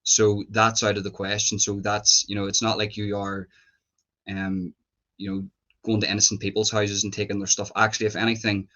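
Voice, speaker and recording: A man interviewing his guest in a relaxed, chatty way. His voice sits somewhat low, and his questions wander and fill up with "you know" and "sort of" before he reaches the point. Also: normal speed. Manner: chatty, searching questions, filler-heavy. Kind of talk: casual interview.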